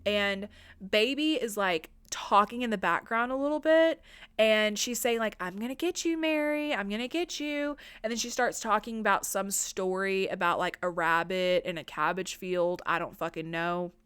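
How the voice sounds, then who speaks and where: A woman recapping a film on her podcast in a loose, chatty way, swearing freely and leaning on filler words. Her voice is smooth and clear, and the sound is dry and close with no room around it. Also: mid-range voice, steady tone, normal speed, fairly bright tone, dry recording. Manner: chatty, profane, lots of "like" fillers. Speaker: podcast host.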